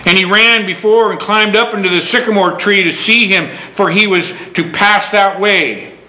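A man preaching a sermon, telling a story and rising into excited preaching. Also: high-pitched, moderate pace, echoey room, low-quality recording.

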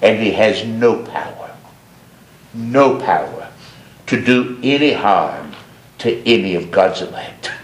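A man preaching a sermon with passion, repeating phrases for emphasis and climbing from low murmurs to high, ringing cries. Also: expressive, slow pace, pauses often.

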